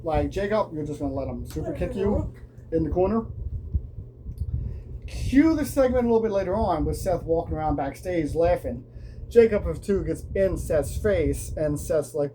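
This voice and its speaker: Casting: man, casual wrestling reviewer, slightly high, mellow voice, faint ambient noise. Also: expressive, moderate pace, low-quality recording. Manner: casual, lots of ums and restarts, acts out quotes. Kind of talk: casual recap chat.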